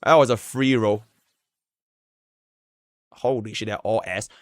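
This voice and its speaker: A man's voice: on the low side, steady tone, takes it slowly, dry recording. A young man with a Singaporean English accent doing casual, slangy, profane live commentary while playing a game and talking to his chat. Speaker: streamer.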